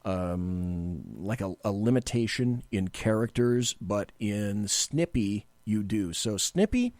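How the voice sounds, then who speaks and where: Joking talk radio host, low dry voice. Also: male voice, lively intonation, slow pace, a little mellow, no echo. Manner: joking, rambling, self-deprecating. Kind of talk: casual talk radio banter.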